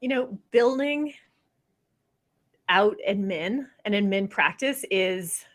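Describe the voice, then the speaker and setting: A woman's voice: medium pitch, expressive, slow. A woman realtor and trainer, a guest on a podcast, telling stories in an upbeat, casual way and acting out the people she quotes. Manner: upbeat storyteller, acts out quoted people, laughs often. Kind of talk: casual interview talk.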